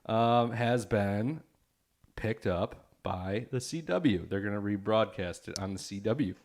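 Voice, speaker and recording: A man's voice: on the low side, slow. A man co-hosting a casual podcast chat, playful and teasing. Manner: playful, bursts into singing. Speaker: podcast co-host.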